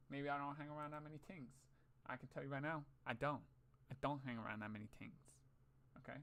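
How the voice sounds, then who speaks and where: A man's voice: fairly high pitch, pushed and bright. A young man vlogging in a casual, rambling, profane monologue, often muttering to himself.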